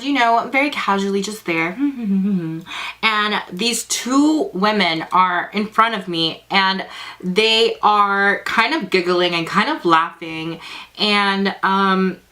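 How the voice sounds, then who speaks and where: A woman's voice: mid-range voice, bright, forceful tone. A young woman telling a dramatic story in a casual vlog, sassy and heavily profane. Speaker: vlogger.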